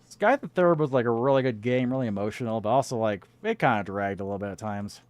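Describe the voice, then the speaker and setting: A podcast co-host with a mid-range voice talks fast in a casual chat about games. He rambles, uses lots of filler words, and swears now and then.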